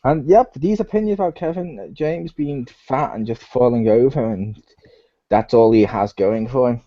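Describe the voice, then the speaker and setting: A man's voice: medium pitch, moderate pace, dry recording, muffled recording. A man hosting a casual gaming podcast, joking and laughing as he rambles. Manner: jokey, laughs often, rambling. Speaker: podcast host. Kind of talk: casual chat.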